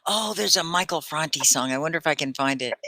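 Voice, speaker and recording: A woman from Texas with a Texan accent, hosting a casual live English lesson, chatty and quick to laugh as she sounds words out. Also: sits low, animated, pushed and bright, no room sound. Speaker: ESL teacher and host.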